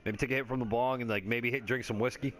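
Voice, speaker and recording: A man's voice: medium pitch, steady tone, fast, fairly bright tone. A man giving casual, rambling commentary over his gameplay, joking and swearing freely with lots of fillers. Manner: laid-back stoner chatter with frequent fillers. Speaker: gaming video creator.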